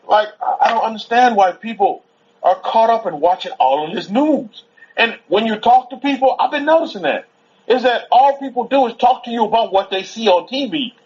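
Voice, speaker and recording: A man giving an informal, rambling sermon at a Sabbath gathering, repeating himself and talking conversationally. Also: sits high. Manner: rambling, repetitive, conversational, stops to soothe a toddler. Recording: dull lo-fi recording.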